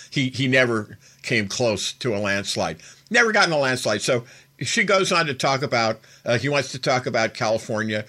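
A man's voice: mid-range voice, sharp tone. A man hosting a political commentary show, recounting an interview in a casual, incredulous and mocking way, laughing as he goes.

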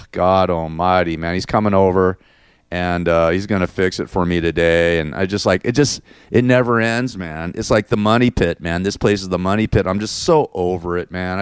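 This fairly low-pitched, middle-aged podcast host vents alone in a crude, meandering monologue, restarting frequently and ending lines with "man." His voice is smooth and resonant, recorded dry and close with no echo.

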